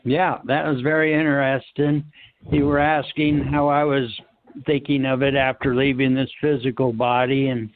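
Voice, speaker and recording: Halting man host on a phone line. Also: medium pitch, flat delivery. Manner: halting, many ums and restarts. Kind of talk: casual call-in talk.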